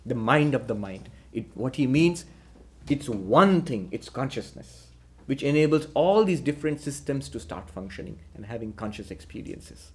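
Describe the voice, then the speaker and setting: A man teaching a philosophical lecture in a measured way, posing rhetorical questions to his listeners. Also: medium pitch, big pitch swings, darkish tone. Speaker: spiritual teacher.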